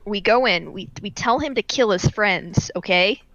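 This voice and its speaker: A woman's voice: medium pitch, fairly bright tone, no echo, highs cut off. A woman player in a tabletop game, talking bluntly and arguing her plans. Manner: blunt, quick to argue.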